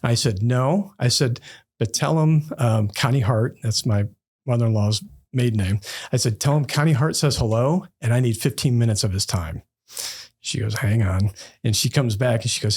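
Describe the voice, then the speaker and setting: Husky-voiced man telling stories casually. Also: medium pitch, moderate pace, darkish tone. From Northeast Ohio. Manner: conversational, many fillers, acts out quoted people. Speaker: bank executive, podcast guest. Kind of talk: casual storytelling interview.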